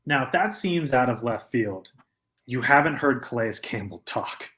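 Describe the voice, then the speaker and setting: A man co-hosting a sports podcast in a studio, talking in a measured way and building his points with pauses. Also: medium pitch, animated, a bit bright. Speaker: podcast co-host. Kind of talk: casual sports chat.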